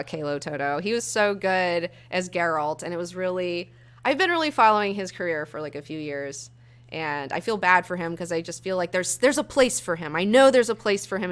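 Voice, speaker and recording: A woman's voice: on the low side, a bit bright. Blunt, profane woman reviewing a show. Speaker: show host reviewing a series. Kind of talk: casual review chat.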